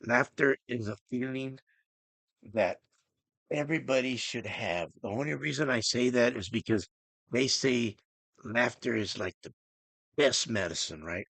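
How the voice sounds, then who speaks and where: A middle-aged man hosting his own podcast, talking earnestly and emotionally with halting restarts. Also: mid-range voice, gravelly, a bit bright, no echo. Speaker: podcast host. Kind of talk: personal podcast monologue.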